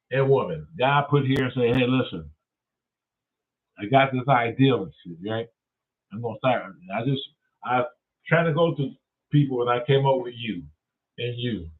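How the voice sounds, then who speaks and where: A man's voice: medium pitch, unhurried, long pauses, far from the mic. A man hosting his own show, swearing constantly and retelling Bible stories in street talk. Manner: swears constantly, acts out characters in voices. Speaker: host. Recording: tinny phone-like sound, voice off-mic.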